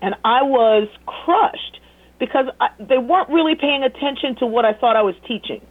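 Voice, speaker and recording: A woman tells lively stories as an interview guest and breaks into laughter between them. Her voice sits a little high and comes through a thin, phone-like line. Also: moderate pace. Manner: animated, laughing storyteller who mimics voices. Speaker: guest, teacher. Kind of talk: casual storytelling interview.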